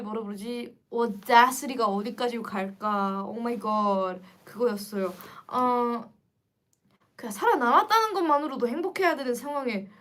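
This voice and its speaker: A young woman chatting casually to viewers on a livestream, lively and quick to react. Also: fairly high pitch. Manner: chatty and animated, switching between English and Korean. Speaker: livestream host.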